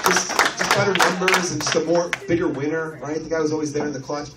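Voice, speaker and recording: A man from Chicago doing a brash, profane stand-up comedy set on a comedy club stage, with lively storytelling. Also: fairly high pitch, fast, distant mic, over a noisy crowd, very noisy. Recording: echoey club recorded from afar. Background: audience laughter.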